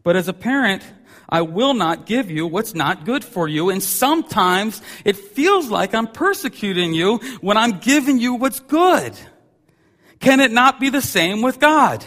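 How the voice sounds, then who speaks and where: A man's voice: high-pitched, a little slow. A man in his thirties preaching a sermon as a pastor, telling stories with a voice that jumps up sharply for emphasis. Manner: animated storytelling, voice rising sharply for emphasis. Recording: long hall reverb.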